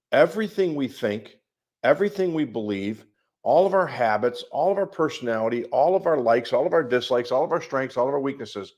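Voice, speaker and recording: A man's voice: mid-range voice, a little mellow. A middle-aged man with a Midwestern American accent, speaking as a life coach on a coaching call. He talks emphatically and piles up long repeated lists.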